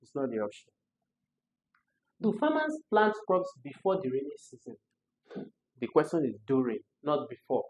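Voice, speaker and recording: A tutor with a Nigerian accent explaining exam questions, chatty and quick to laugh, asking the listener rhetorical questions. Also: medium pitch, wildly swooping pitch, a little mellow, a little hiss or hum, rough recording.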